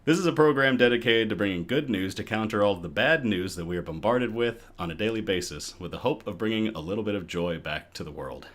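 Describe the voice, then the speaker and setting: A man's voice: on the low side, quick pace, hardly any pauses, fairly bright tone. A man hosting his own live good-news show from home, chatty and self-deprecating, a little out of breath. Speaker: host.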